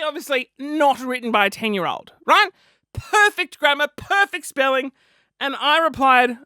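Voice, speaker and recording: A man's voice: extremely high pitch, expressive, moderate pace, sharp tone, clear, resonant tone, no room sound, studio quality. Camp, chatty man. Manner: camp, self-deprecating and chatty. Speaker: podcast host. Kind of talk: comedic podcast monologue.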